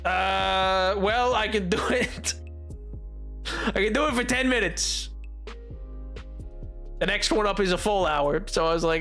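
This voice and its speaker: A man's voice: sits high, measured pace, vocal fry, pauses often, sharp tone, soft background music. A man streaming a game, chatting casually with chat, joking, tripping over his words and laughing. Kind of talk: casual live-stream chat while gaming.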